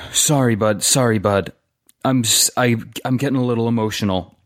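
A man's voice: mid-range voice, normal speed, no room sound, clean studio sound, lightly acted. A man voicing an ambitious, ingratiating male street hustler who pleads earnestly for a break. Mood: pleading. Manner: pleading, earnest, repeats names.

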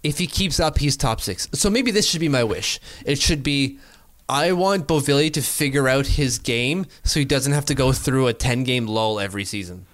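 A man co-hosting a casual sports podcast, animated and quick to laugh, thinking out loud as he talks. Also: mid-range voice, dry recording. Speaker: podcast co-host.

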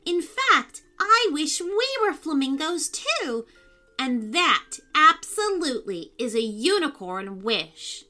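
A squealing, gushing little girl, as a woman puts her on for a storybook, her voice leaping high and bright. She pours out wish after wish, loud and eager. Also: very animated, a little slow, soft background music, exaggerated voice. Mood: excited. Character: excitable young girl, eager and wish-happy.

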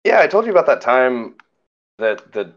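A man's voice: mid-range voice, moderate pace. Guy telling a story on a podcast, voice jumps all over, kinda muffled. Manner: animated, mimics others in quoted lines. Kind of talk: casual storytelling chat.

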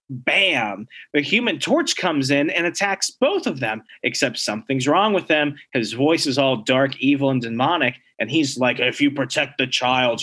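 A man's voice: fairly high pitch, fairly bright tone. A man casually recapping a comic book story, acting out the characters' lines as he goes. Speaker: comic book podcast co-host.

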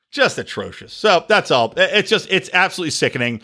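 A man with a slightly high, bright and forceful voice rants through a solo podcast. He is blunt and sarcastic and swears freely as he argues his opinions. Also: big pitch swings, fast talker, hardly any pauses. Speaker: podcast host. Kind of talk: solo political commentary podcast.

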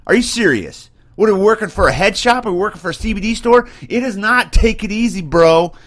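Man, sergeant, podcast rant, blunt, sarcastic, heated, slightly high voice, computer mic. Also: fast, a bit bright. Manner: blunt, mocking, worked up. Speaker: podcast host, Army sergeant. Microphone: webcam and computer mic.

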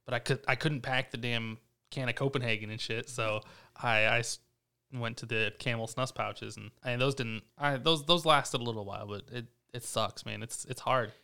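A laid-back man chatting casually, who jokes and swears now and then. His voice has a gravelly edge but still sounds bright and clear. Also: mid-range voice, steady tone, normal speed. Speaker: podcast co-host. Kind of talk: casual chat.

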